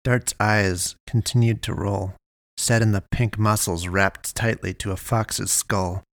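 A man narrating a first-person story in a measured, deliberate way. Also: on the low side, lively intonation, gravelly, dry recording, studio quality.

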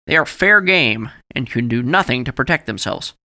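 A man's voice: medium pitch, animated, normal speed, bright, forceful tone. A man voicing a nervous, fretful middle-aged male editor who talks anxiously in a raised, pleading voice. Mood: earnest. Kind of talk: audiobook character voice.

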